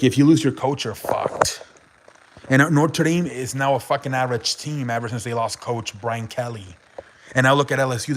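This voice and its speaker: A man chatting loosely on a sports stream, reading viewer messages aloud and swearing freely. His voice sits at an ordinary middle pitch, with trailing restarts and filler between thoughts. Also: a little hiss or hum. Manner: rambling, swears often, reads chat aloud. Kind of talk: casual live-stream sports talk.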